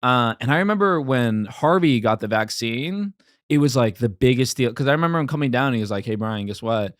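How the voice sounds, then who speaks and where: A man's voice: medium pitch, lively intonation, brisk, no room sound, clean studio sound. A young man in his twenties in casual chat, telling a long story with lots of fillers and restarts. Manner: rambling, filler-heavy storytelling.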